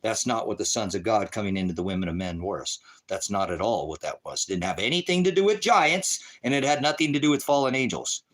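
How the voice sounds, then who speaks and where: A man on a livestream, ranting about scripture at his chat, swearing and taunting, dropping from low mutters to high shouts. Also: animated, a little fast, hardly any pauses. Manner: profane, taunting, mocking laughter. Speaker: livestream preacher. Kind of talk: heated livestream rant at chat.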